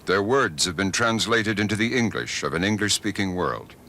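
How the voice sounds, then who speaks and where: A middle-aged man narrating a documentary as host, measured and expressive. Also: low-pitched. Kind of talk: scripted narration.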